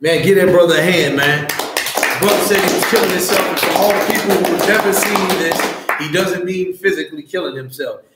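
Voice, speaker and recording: A man teaching a scripture class, loud and profane, fired-up like a street preacher. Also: high voice, brisk, very noisy. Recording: very echoey room.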